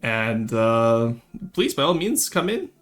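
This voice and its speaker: Lively, rambling man streaming. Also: medium pitch, faint music behind. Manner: animated, rambling, quick to laugh. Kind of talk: casual live-stream chat.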